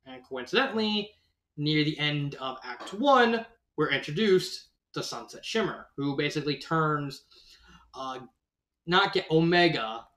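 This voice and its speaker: A man's voice: a little high, animated, unhurried, fairly bright tone. A man casually reviewing a fan story, rambling with many fillers and restarts. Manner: laughs at his own retelling. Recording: roomy echo.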